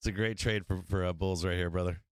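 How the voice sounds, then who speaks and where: A man's voice: low-pitched, steady tone, fast, clean tone, no echo. Brash, profane man talking trading. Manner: brash, profane, laughs often, rambling. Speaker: livestream market show host. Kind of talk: casual livestream trading talk. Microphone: studio microphone.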